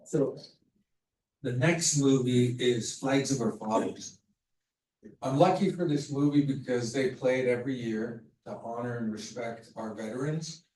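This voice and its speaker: A man's voice: mid-range voice, a little slow, darkish tone. A man giving a candid storytelling talk to an audience as a motivational speaker, heard over a video call. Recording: roomy, distant video call audio.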